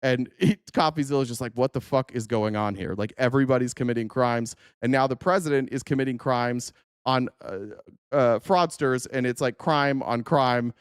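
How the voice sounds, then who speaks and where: A man's voice: mid-range voice, moderate pace, smooth, dry recording, clean studio sound. A man hosting a livestream, reacting in casual, rambling commentary with swearing, laughter and many fillers. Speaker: livestream host.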